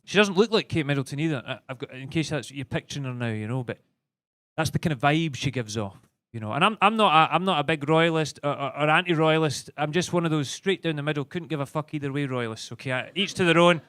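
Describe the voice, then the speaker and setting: A man's voice: a little high, fast, fairly bright tone, no echo, clean studio sound. A young Scottish man performing a rambling stand-up set on a comedy club stage, often stammering and restarting. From Scotland.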